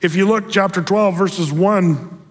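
A man preaching a sermon, telling the story in an animated, playful way with voiced asides. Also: sits high, measured pace, husky, in a large hall. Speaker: pastor.

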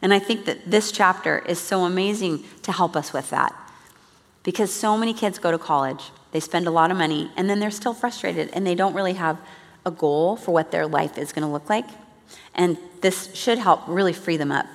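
A woman's voice: lowish voice, moderate pace. A woman giving an earnest, chatty church teaching talk to a congregation. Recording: long reverb of a large hall.

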